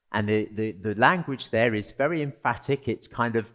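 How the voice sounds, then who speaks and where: A man preaching a sermon as pastor, conversational and animated, with rhetorical questions to the congregation. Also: lowish voice, normal speed.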